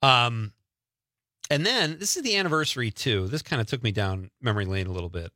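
A middle-aged male radio host talking casually in the studio, his voice bright and lively, bouncing all over his pitch. He sounds opinionated and laughs easily, close to a dry microphone. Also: brisk, no room sound. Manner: animated, opinionated, laughs often. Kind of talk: casual talk radio banter.

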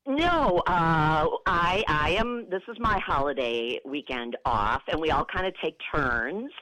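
A woman's voice: sits low, lively intonation, a little slow, fairly bright tone, dry recording, poor audio. Friendly middle-aged woman radio guest, bouncy sing-song voice, dry sound. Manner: friendly, laughing, storytelling. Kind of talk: casual radio chat.

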